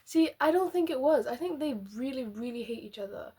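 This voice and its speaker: A woman's voice: sits high, expressive, a little fast, mellow, husky. A young woman chatting casually as a book vlogger, rambling and giggly as she reacts.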